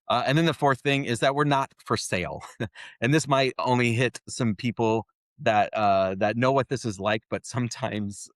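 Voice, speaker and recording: A man giving casual interview answers in a fairly low voice, pausing and restarting as he works out his points. The sound is dry and close. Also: no echo. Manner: halting, with many fillers and restarts. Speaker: software company guest.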